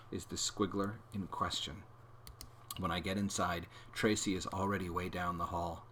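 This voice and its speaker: A man reading a children's book aloud, telling the story in an expressive, animated way. His voice sits low but comes across bright and forceful. He hosts the reading. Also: a little hiss or hum. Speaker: read-aloud host.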